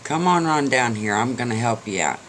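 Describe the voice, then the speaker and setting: A man's voice: medium pitch, lively intonation, moderate pace, fairly bright tone, natural voice. An eager, kindly mule in a told storybook tale, as a man puts him on, coaxing in a lifted voice. A faint hiss of noise sits under the recording. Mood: urging. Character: kindly, helpful male mule.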